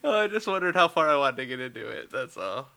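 A man's voice: mid-range voice, big pitch swings, fast talker, creaky, bright, forceful tone. A man co-hosting a casual chat show, teasing his co-host playfully.

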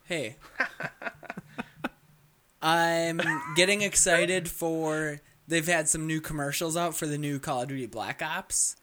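An excitable young man tells gaming stories on a casual chat show. His voice sits a bit high, and he keeps restarting sentences and swearing as he gets carried away. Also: unhurried, few pauses. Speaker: co-host.

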